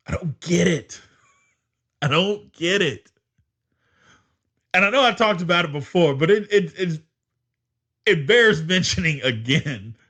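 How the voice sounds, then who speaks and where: Animated, exasperated sports podcast host. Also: male voice, fairly high pitch. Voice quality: animated and exasperated, laughs often. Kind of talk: casual sports podcast monologue.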